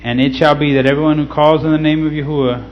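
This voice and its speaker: A man reading scripture slowly and teaching in a casual way, often checking in with "okay?". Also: fairly high pitch, fairly even intonation. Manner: slow, deliberate scripture reading. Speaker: pastor. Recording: slightly dull recording with faint hum.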